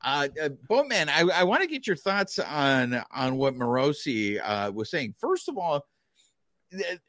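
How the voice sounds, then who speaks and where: A man's voice: on the high side, big pitch swings, measured pace, a bit bright, dry recording, studio quality. A man hosting a sports podcast, chatting casually and sprinkling in Spanish words. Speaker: podcast host.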